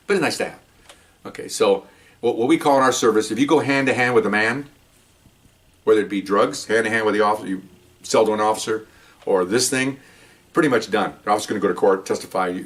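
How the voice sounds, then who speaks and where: Older ex-cop, fast and lively. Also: male voice. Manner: animated, jumps up in pitch when acting out dialogue. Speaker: retired police officer. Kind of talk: casual storytelling. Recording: voice picked up from a distance.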